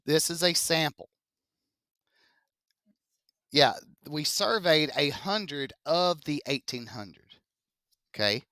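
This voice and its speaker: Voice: mid-range voice, expressive, slow pace, pauses often, bright, forceful tone, dry recording, clean studio sound. A young-adult math teacher, giving a chatty classroom statistics lecture, quizzing students and adding joking asides.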